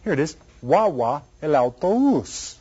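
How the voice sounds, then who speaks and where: Male elementary Spanish teacher, unhurried, drills words back, dull lo-fi recording. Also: a little high, very animated, warm tone, breathy edge. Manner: repeats words slowly and quizzes the listener. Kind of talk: elementary Spanish lesson for children.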